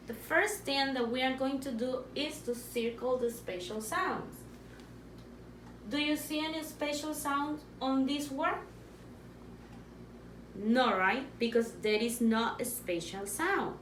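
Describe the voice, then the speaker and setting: A woman with a Spanish accent teaching a phonics lesson to young learners, patient and slow, repeating words for the children. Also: a little high, fairly bright tone. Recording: echoey room, faint background noise.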